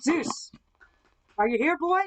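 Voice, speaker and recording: Fairly high woman calling out to spirits. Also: lively intonation, slow, a bit bright, low-quality recording. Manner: calls questions out to spirits, reads viewer comments aloud. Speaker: ghost hunter streaming live. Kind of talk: live-stream paranormal session. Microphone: device-heavy setup with a spirit box.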